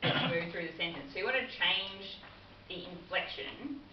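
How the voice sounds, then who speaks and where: Woman, workplace trainer, lower pitch, friendly explanations, dull far-off recording. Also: normal speed, background noise. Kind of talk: classroom training talk. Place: training room. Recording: dull, roomy recording from afar.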